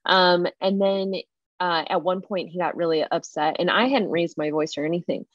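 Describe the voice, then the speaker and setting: A woman guest retelling a workplace story in casual, animated talk full of fillers. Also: on the low side, moderate pace, no room sound. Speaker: interview guest. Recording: muffled lo-fi dry recording.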